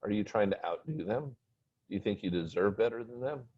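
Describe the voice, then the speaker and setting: A man voicing a calm, wealthy father who lectures his son patiently. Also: fairly low pitch, brisk, breathy edge, pitched above the performer's own voice. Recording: dull lo-fi recording.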